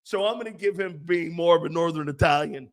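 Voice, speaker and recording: A man's voice: fairly high pitch, brisk. A man hosting a sports talk show, ranting in a blunt, profane, mocking way and laughing often. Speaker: host.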